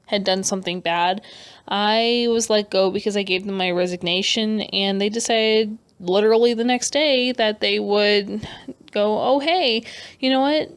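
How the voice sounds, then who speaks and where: A young adult woman vlogger talking earnestly and emotionally in a halting personal rant over her speed painting. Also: mid-range voice, creaky. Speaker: artist vlogger.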